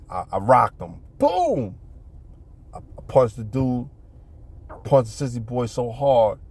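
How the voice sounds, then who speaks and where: A man's voice: mid-range voice, darkish tone. A middle-aged man, casually telling a street story and acting out punches with sound effects. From New York City.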